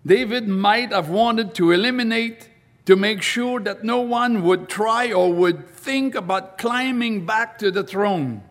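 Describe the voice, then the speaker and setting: A man preaching a sermon, reading scripture aloud and explaining it slowly and deliberately. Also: sits high.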